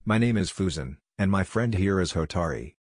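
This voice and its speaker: A smug young ninja soldier with a mocking edge, read by a man. His voice sits deep and low, and the recording is dry and close. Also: animated, normal speed, dry recording. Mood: falsely friendly.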